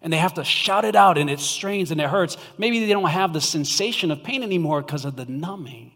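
A man preaching a sermon to his church, swinging from shouts down to whispers. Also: on the high side, lively intonation, brisk, big-room sound. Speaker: pastor.

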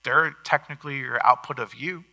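A man preaching a sermon as pastor, earnest, with swings in loudness for emphasis. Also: medium pitch, brisk.

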